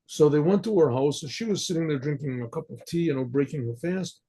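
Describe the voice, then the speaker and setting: A rabbi telling a story in a conversational sermon, often clearing his throat and restarting his sentences. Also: fairly high pitch, normal speed, dark tone.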